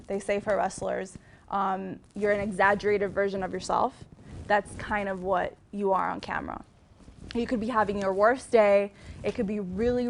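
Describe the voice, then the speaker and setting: A woman's voice: medium pitch, creaky, a little hiss or hum. Chatty young woman with a Miami accent. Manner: chatty, frequent ums and restarts. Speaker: TV news reporter giving a guest talk. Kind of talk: casual advice talk to students.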